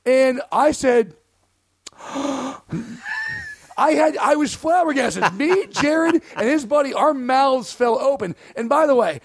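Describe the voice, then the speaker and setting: A man telling a story in casual podcast chat, animated and profane, laughing mid-sentence. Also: very high-pitched, measured pace, hardly any pauses, no room sound, clean studio sound.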